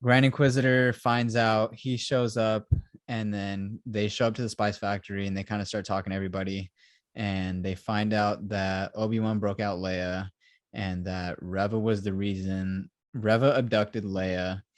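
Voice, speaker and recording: A young man with a lowish voice recaps a show in casual, animated chat, slipping into quoted lines of the characters as he goes. The sound is close and dry, with no room around him. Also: normal speed, dry recording. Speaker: show host.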